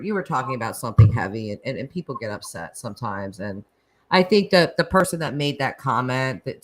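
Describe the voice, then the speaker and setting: A woman's voice: extremely low pitch, fairly bright tone, low-quality recording. A middle-aged woman, hosting a casual live chat with callers, chatty, laughing often and restarting her sentences. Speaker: live stream host.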